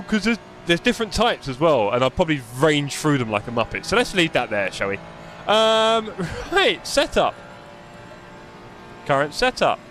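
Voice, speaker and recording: A man's voice: medium pitch, fairly bright tone, a little hiss or hum. A man, live-streaming a sim race with chatty, jokey commentary and muttering while he adjusts his car setup.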